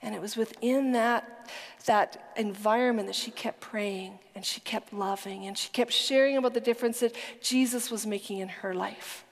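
A woman's voice: a little high, steady tone, normal speed. A woman preaching a sermon with earnest, emphatic storytelling, sometimes dropping to a whisper. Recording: long hall reverb.

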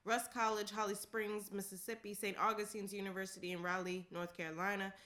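A woman's voice: mid-range voice, little pitch movement, fairly quick, pushed and bright. A woman casually reading a long list aloud, laughing often and adding offhand comments. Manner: reads steadily, laughs often, tosses in casual asides.

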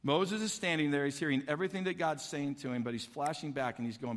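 A man's voice: fairly high pitch, fast, hardly any pauses. A man preaching a sermon, telling a story with humor and acting out the voices of the people in it. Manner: animated storytelling, acting out voices for comic effect. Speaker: pastor. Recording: long hall reverb.

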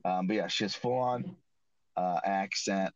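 A podcast host with a deep, unhurried voice recaps an episode of his casual chat show, rambling along with plenty of restarts and self-corrections. The recording is dull, lo-fi and dry, with no echo.

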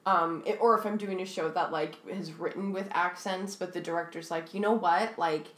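A woman's voice: fairly low pitch, steady tone, normal speed, a bit bright, roomy sound. A woman from Canada hosting a casual interview, laughing easily and talking reflectively.

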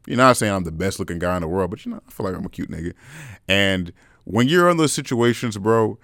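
A man's voice: low voice, animated, fast, vocal fry, fairly bright tone, no echo, clean studio sound. A young man hosting a podcast in a casual, frank chat, talking straight to his listeners and calling them bro. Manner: laid-back, frank, calls listeners bro. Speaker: podcast host.

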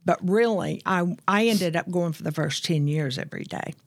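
A woman with a fairly low voice tells her recovery story as a guest, candid and earnest. She slows down to lean on the moments that matter. The sound is dry and close, with no room around it. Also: no echo. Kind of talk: personal testimony in conversation.

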